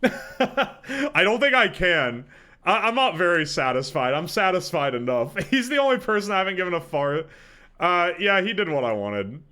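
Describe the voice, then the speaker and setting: A man streaming live, chatting casually and reacting out loud, often breaking into laughter. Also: sits high, sing-song, fairly quick, smooth.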